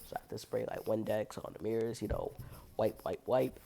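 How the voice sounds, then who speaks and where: A young woman with an unusually low voice, telling a blunt, profane story about her cleaning job in a casual vlog. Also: a little fast, gravelly, warm tone. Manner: blunt, profane, heavy use of "like", laughs often. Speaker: restroom and locker room cleaner.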